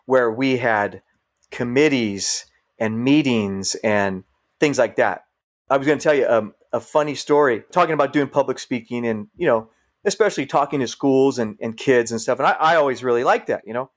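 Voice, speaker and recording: This podcast guest, a middle-aged firefighter, talks at medium pitch and a moderate pace while telling casual stories. He's an animated narrator who performs the voices of the people in them.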